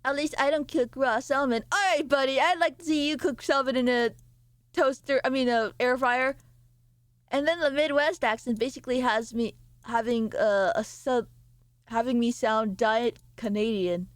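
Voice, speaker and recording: A woman's voice: high-pitched, moderate pace, dry recording, studio quality. A woman streamer chatting casually with her live chat, swearing and laughing as she reacts to messages.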